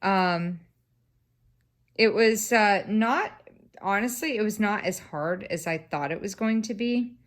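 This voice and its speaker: Rambling, chatty woman, slow. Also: medium pitch, lively intonation. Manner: rambling and chatty, cusses freely. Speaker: craft vlogger. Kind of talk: casual chat while crafting. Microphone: camera on a stand.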